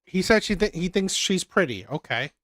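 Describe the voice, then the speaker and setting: A woman's voice: on the low side, lively intonation, moderate pace, no room sound, studio quality. Woman reaction host, swears a lot, repeats herself, voice goes all over the place. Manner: blunt, profane, emphatic, repeats points. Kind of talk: reaction commentary.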